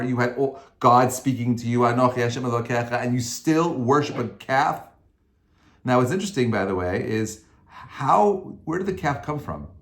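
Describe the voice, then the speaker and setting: A male rabbi with a mid-range voice teaches an informal Torah class in a reverberant space. He's chatty and conversational, but now and then climbs to emphatic, forceful peaks.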